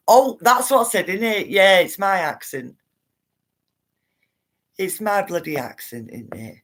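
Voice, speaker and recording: Woman, lower register, rambling livestream host chatting to her audience. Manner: chatty, rambling, addresses viewers as guys and love. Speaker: livestream host reading viewer comments. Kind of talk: casual livestream chat to viewers.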